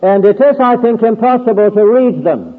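A higher-voiced man teaches Scripture to a gathering in a large tent, measured and formal, now and then pausing on a hesitant filler. His voice rings with a long reverb and comes through a thin, phone-like band. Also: animated. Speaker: Bible teacher at a convention. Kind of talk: Bible exposition sermon.

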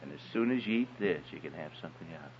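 A man voicing a kind but firm mother who speaks softly and calmly, heard as a dull recording in an echoey hall. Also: deep voice, fast talker, slight background noise, voice pushed down. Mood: gentle firm. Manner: soft, gentle, quiet.

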